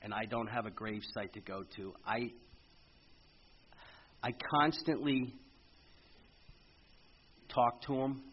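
A middle-aged man speaking earnestly at a recovery meeting, telling his story in a halting way with frequent restarts. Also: mid-range voice, a little hiss or hum. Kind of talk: personal recovery testimony. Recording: muffled lo-fi meeting recording with faint ambience.

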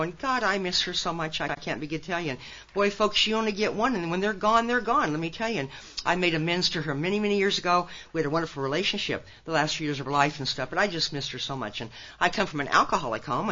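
A woman's voice: sits low, bright, forceful tone. An older woman from Nebraska gives a folksy personal testimony at a recovery conference, full of storytelling and punchy asides to the crowd. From Nebraska, USA. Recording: dull lo-fi recording.

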